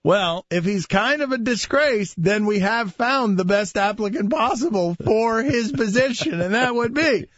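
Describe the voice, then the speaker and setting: A man with a high voice hosts sports talk radio, sounding incredulous and teasing. His voice is close and dry, with a slightly dull sound. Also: lively intonation, a little slow, few pauses, fairly bright tone, no echo. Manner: incredulous, mocking, emphatic. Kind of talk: casual sports radio banter.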